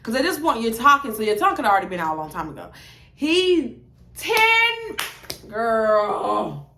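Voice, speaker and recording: A woman's voice: fairly high pitch, big pitch swings, very fast, bright, forceful tone, echoey room, a little hiss or hum. A young woman, telling a blunt, profane story to camera and acting out both sides of the dialogue. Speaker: storytime vlogger.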